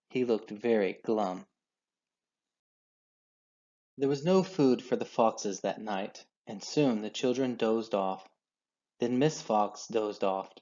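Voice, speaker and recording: A man reading a children's storybook aloud in an expressive, measured way. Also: lowish voice. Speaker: children's book reader. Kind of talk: storybook read-aloud narration. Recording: dull lo-fi sound.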